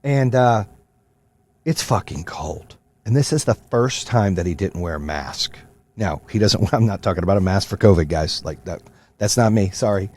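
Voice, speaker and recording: A man's voice: sits low, animated, moderate pace, husky. Fired-up swearing male podcast host. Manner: loud, swearing, fired-up and ranting. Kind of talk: profane motivational rant.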